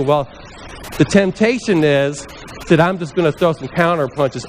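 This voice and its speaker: A man with a slightly high voice giving a relaxed, conversational sermon in a church sanctuary. He keeps turning to the congregation with questions and slips into the voices of the people he quotes. A soft hum of the room sits behind him. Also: moderate pace. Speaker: pastor.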